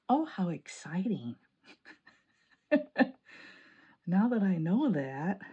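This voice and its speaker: A woman from Illinois chatting excitedly while decorating her planner, laughing often. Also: on the low side, creaky, breathy edge. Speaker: planning vlogger. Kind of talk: chatty crafting vlog.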